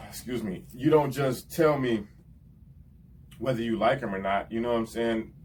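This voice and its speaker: Male rapper host, mid-pitched and heartfelt, rambling casual shout-outs, mic a bit distant, faint hiss. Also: moderate pace. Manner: rambling, emotional, repeats "you know what I'm saying". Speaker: rapper hosting his channel's show.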